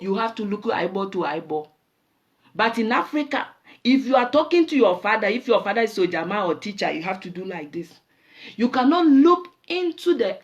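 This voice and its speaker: A woman with a Nigerian accent hosting a show, telling animated stories in a casual monologue and slipping into pidgin. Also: a little high, lo-fi sound. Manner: animated storyteller mixing in pidgin. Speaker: show host.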